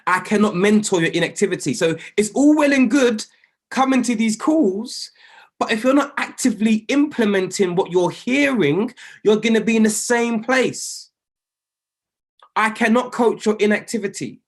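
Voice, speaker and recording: A man with a notably high voice leads a motivational coaching call for traders. He preaches with emphasis, driving each point home by saying it again and again. He is heard over an online group call. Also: lively intonation, moderate pace. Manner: emphatic and preachy, repeats key phrases. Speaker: trading mentor.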